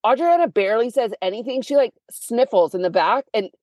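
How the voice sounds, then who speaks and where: A young adult woman co-hosting a podcast in casual chat, blunt and animated, swearing often. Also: fairly high pitch, brisk, no echo. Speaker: podcast co-host.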